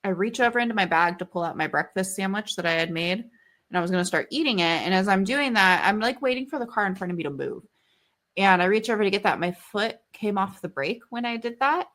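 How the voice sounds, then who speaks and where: A woman's voice: mid-range voice, animated, brisk, fairly bright tone. A woman in her thirties, a podcast co-host, telling a story in casual chat. She rambles with many fillers and swears freely.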